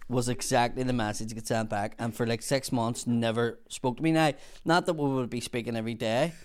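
A man's voice: medium pitch, steady tone, brisk, clear, resonant tone. Man, podcast guest, casual storytelling, swears a lot, acts out voices. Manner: swears freely, acts out other people's voices.

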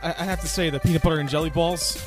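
A man's voice: fairly high pitch, steady tone, rapid-fire, music in the background. A man in an absurd comedy bit, talking in a silly, sing-song way full of innuendo.

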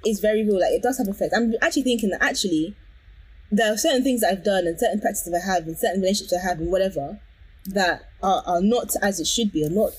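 Fast-talking husky woman. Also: mid-range voice. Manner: animated, quick, exclamatory, says "bro". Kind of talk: casual chat.

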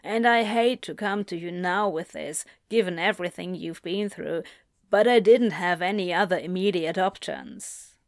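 Woman reading as a halting, earnest doctor. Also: lowish voice, no room sound, studio quality, natural voice. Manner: halting, apologetic. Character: earnest middle-aged male doctor, hesitant father.

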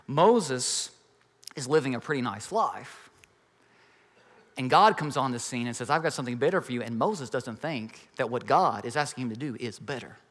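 A man's voice: mid-range voice, fairly bright tone. A man in his thirties preaching a sermon with emphasis, acting out the voices in the stories he tells. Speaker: pastor. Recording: reverberant hall.

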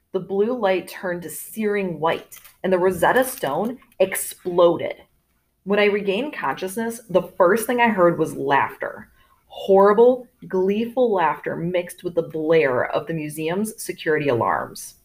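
A woman narrating a storybook in first person with expressive delivery, voicing characters in turn. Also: on the low side. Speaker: audiobook narrator.

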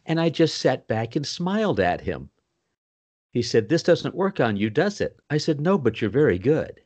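Animated older male storyteller. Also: moderate pace. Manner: animated storyteller with sudden swoops in pitch; puts on Southern voices for quoted people. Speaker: interview guest. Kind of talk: storytelling in a podcast interview.

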